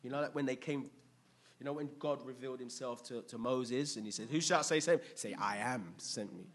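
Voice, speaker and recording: A man preaching a sermon in a conversational, lively way, asking the congregation questions. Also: medium pitch, fairly quick.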